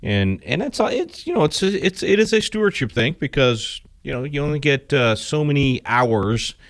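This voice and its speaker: A man's voice: medium pitch, very animated, moderate pace, dry recording, clean studio sound. A man hosting a conservative radio talk show, speaking earnestly and preachily with many restarts and fillers.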